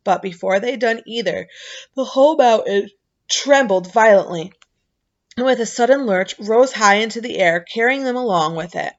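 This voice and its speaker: A woman reading a children's novel aloud in an expressive way, with casual asides, in a dull lo-fi recording. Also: medium pitch. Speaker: reader.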